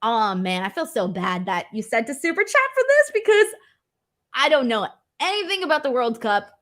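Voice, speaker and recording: Reading super chats on her casual wrestling livestream, a young woman tells funny stories and pokes fun at herself. She sounds very animated, with a fairly high, somewhat bright voice at a moderate pace.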